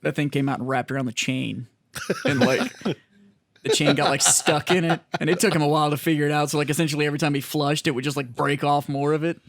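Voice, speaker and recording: A man with a gravelly, fried voice throws in jokes and a quick crude story. His pitch sits a bit high for a man. It is recorded close and dry. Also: a bit bright, no room sound. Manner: chimes in with jokes and asides. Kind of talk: casual chat.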